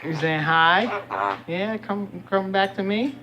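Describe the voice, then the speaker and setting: A man's voice: high-pitched, extremely slow, pauses often, highs cut off, crowd noise. A man coaxing and teasing his pet bird at bedtime in a casual home video. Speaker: pet owner.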